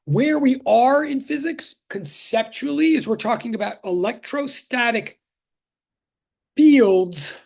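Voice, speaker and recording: A man's voice: very high voice, expressive, slow, creaky, darkish tone. A man teaching a physics class on a video call, chatting and greeting students one by one with many restarts before the lesson. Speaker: physics professor. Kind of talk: casual online class greeting.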